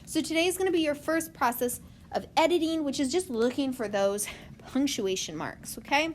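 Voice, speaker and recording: A woman's voice: sits high, expressive, normal speed, a little hiss or hum. A young woman teaching a writing lesson step by step, often checking in with "okay?".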